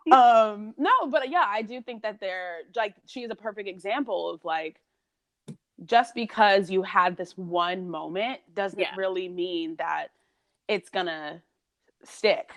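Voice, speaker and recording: A woman co-hosting a podcast in casual chat, animated, laughing often and acting out her own thoughts. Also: mid-range voice, slow pace. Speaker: podcast co-host.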